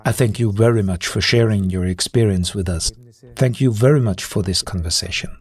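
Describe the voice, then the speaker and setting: A man interviewing a guest, asking short, gentle questions and summing up her answers. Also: fairly low pitch, a little fast, slightly rough.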